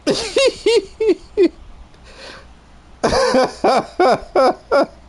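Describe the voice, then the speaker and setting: Easygoing southern guy streaming, lots of laughs, lively up-and-down voice. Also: extremely high pitch, extremely slow. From Louisiana. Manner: laid-back, laughs often, talks to chat. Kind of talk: casual chat while gaming.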